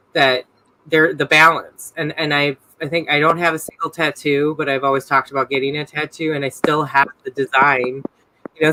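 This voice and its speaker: A man's voice: medium pitch, bright, forceful tone, rough recording. A man in his thirties in a casual group discussion, speaking hesitantly, correcting himself and trailing off. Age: 30s.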